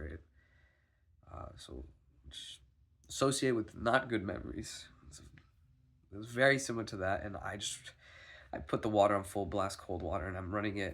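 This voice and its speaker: Brief: lower-pitched husky man, unwell, nervous and rambling, video diary confessional. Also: a bit bright. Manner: rambling, anxious, swearing, many restarts. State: sick, foggy. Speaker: vlogger.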